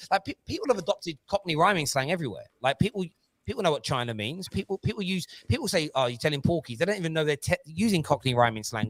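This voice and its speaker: A man hosts a casual football talk show, his voice sitting a little high and sounding dry and close. He talks in an animated, joking way, getting excitable as he riffs with his co-hosts. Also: no echo. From Jamaica. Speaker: host.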